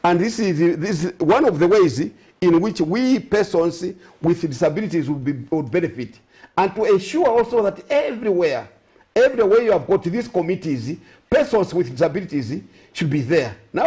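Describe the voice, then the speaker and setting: High-voiced Zambian man, rambling aside-filled talk. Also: expressive, moderate pace, dark tone. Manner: rambling, self-correcting, sarcastic asides. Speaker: guest. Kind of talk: studio talk show discussion.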